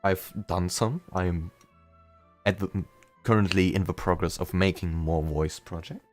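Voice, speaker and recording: A man's voice: deep voice, steady tone, measured pace, soft background music. A young man with a slight German accent, chatting casually and rambling a bit while streaming a game, often self-deprecating. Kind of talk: casual chat during a live game stream.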